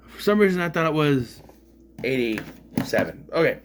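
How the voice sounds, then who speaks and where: Man, lively swooping pitch, a bit high, rambling, swears a lot, exasperated review. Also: moderate pace, noisy background. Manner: rambling, frank, swears freely, exasperated complaints. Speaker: movie reviewer. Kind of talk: casual spoken film review.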